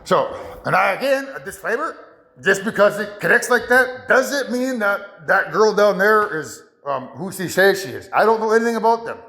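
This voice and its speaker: A man in a rambling monologue who talks haltingly, restarts his sentences often and laughs a lot. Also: high voice, animated, sharp tone, roomy sound. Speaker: vlogger.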